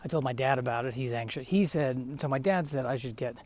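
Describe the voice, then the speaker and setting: A man's voice: mid-range voice, fairly quick, darkish tone, slight background noise. A man hosting his own podcast, rambling wryly and self-deprecatingly while walking outside, a bit winded. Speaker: podcast host. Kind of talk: casual solo monologue. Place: outdoors on a residential street.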